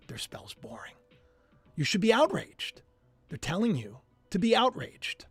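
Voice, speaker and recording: A man hosting a live stream, reacting to news clips in a mocking, animated way and humming as he thinks aloud. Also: sits high, breathy edge, no room sound, faint music behind. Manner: animated and mocking, muses aloud with drawn-out hums. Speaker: livestream host.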